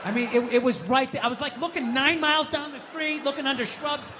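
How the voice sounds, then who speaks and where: Middle-aged male stand-up comic, profane ranting delivery, high and bright, long hall reverb. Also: brisk, background noise. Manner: ranting, profane, animated storytelling. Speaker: stand-up comedian. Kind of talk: stand-up comedy routine.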